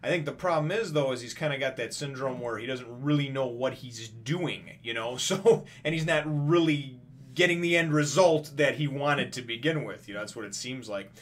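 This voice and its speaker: A man talking through a comic chapter in a loose, rambling way, full of fillers and restarts. His voice sits in an ordinary middle pitch, and he slips into quoted lines now and then. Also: normal speed, a little hiss or hum. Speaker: comic reviewer. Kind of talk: casual recap.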